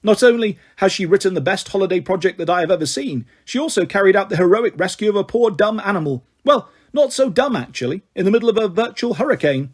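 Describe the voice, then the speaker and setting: A man's voice: sits high, expressive, quick pace, few pauses. A man reading aloud and voicing a strict woman teacher who speaks in a formal, clipped way. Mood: stern. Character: stern, strict woman teacher with a steely gaze.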